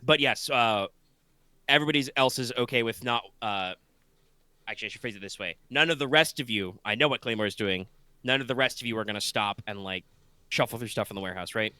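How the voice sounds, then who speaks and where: A drowsy male game master describes scenes over an online call, wandering through fillers and restarts. His voice is bright and crisp. The sound is dry and close. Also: medium pitch, fast talker, no echo. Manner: rambling, full of fillers and restarts. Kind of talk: narrating a tabletop game.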